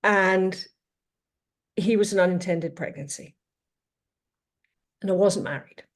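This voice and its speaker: A woman in her fifties speaks as a podcast guest, with a somewhat low voice. She tells her story in a thoughtful, reflective way and often circles back to restate a point. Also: slow. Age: 50s.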